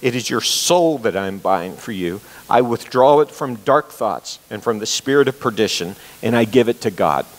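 A man voicing a calm, merciful old male bishop in a retold story, speaking in a solemn, forgiving way. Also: on the low side, moderate pace, few pauses, natural voice. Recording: long reverb of a large hall.

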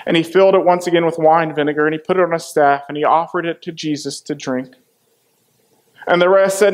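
A man's voice: fairly high pitch, fairly even intonation, a little fast. A man preaching a sermon, dramatically retelling a scripture passage and acting out the voices in it. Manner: dramatic, acts out the quoted voices.

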